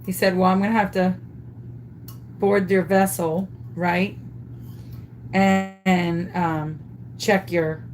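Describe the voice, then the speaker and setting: A woman's voice: fairly low pitch, a little hiss or hum. Chatty woman telling a story. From Louisiana. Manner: animated, chatty, self-amused storyteller. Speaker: craft vlogger. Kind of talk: storytelling while crafting.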